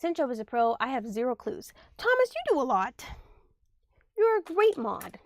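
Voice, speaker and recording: High, gravelly-voiced young woman streaming. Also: wildly swooping pitch, normal speed, no room sound. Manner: chatty, thanks viewers and mutters asides while tidying. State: recovering from illness. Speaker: livestreamer. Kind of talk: casual livestream chat. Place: room at home.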